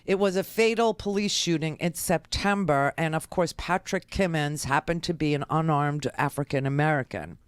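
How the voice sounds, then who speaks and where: Exasperated woman radio host, smooth dry voice. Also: low voice, moderate pace, few pauses, no room sound. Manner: indignant, exasperated, many fillers and restarts. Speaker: radio talk show host. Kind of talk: political commentary monologue. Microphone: studio microphone.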